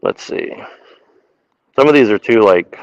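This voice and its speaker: A man's voice: lowish voice, lively intonation, measured pace, dry recording, dull audio. A man co-hosting a casual podcast, rambling and joking, and reading short lines of his own verse aloud. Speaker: podcast co-host.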